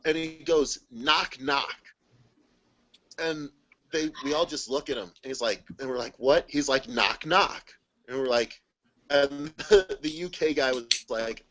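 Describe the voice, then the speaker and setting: A man telling a story in a casual group video call, animated and laughing often as he acts out the people in it. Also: mid-range voice, highs cut off. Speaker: guest.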